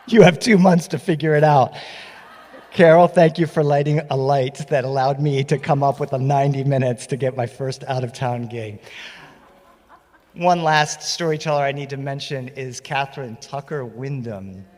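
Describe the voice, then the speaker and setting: A man performing stories live on a festival stage, playful and animated, speaking into a stage microphone. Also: mid-range voice, moderate pace, long reverb tail. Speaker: storyteller. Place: festival stage before an audience.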